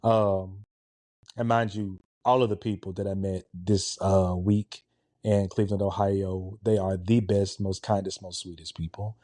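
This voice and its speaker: Man in his forties, relaxed, dark-toned storyteller. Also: deep voice, unhurried, no room sound, clean studio sound. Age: 40s. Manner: animated, conversational, with a laid-back, relaxed tone. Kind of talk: casual storytelling.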